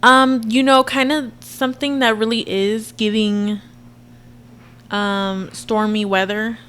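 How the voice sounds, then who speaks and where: A woman in her twenties giving a chatty, expressive reaction commentary to her viewers. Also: a little high, slow, clear, resonant tone. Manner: chatty and expressive, frequent laughs and asides to viewers. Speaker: reaction vlogger.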